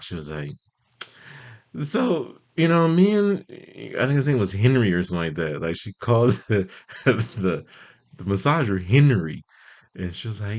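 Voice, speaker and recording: A man's voice: sing-song, measured pace, a little mellow, lo-fi sound. A man telling stories about his friends in a loose, profane, casual monologue, full of "like" fillers and bursts of energy. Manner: jumps much higher when quoting friends.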